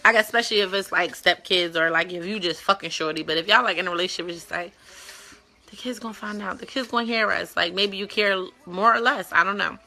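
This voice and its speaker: A young adult woman hosting a web talk show, chatting casually in a blunt, profane and playful way, with loud mock-disgusted outbursts. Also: mid-range voice, fast, creaky. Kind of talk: casual chat, reacting to viewer stories.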